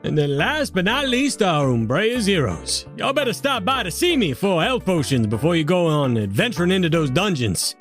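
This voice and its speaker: A folksy Cajun potion shopkeeper, as a man puts him on, drawling out names with a high, lively voice that leaps around. He sounds hospitable and easygoing, like a fantasy shop owner greeting regulars. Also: moderate pace, few pauses, soft background music. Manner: drawling, folksy shout-outs. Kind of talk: in-character sponsor shout-outs.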